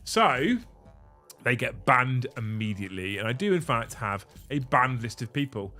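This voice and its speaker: A man's voice: mid-range voice, sing-song, normal speed, sharp tone. Sweary man hosting a livestream. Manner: sweary, rambling banter. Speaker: livestream host. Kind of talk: casual livestream chat.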